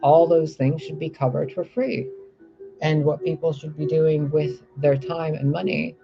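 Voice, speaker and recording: A man with a higher, gravelly voice rambling on in an excitable, profane monologue. The recording is a bit muffled, and faint music plays underneath. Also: a little slow. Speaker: spiritual reader.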